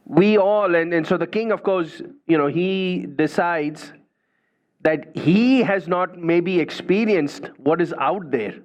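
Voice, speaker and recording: A man gives a spiritual talk in a conversational storytelling manner. His voice sits a little high for a man. He leans on "you know" and "right", and the recording sounds dull and lo-fi. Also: a little mellow. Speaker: spiritual speaker.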